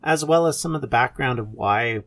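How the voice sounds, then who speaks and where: A Canadian man in his fifties with a Canadian accent, hosting a solo podcast in a relaxed, rambling way with fillers and self-deprecating asides. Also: mid-range voice, moderate pace. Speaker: podcast host. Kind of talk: casual solo podcast monologue.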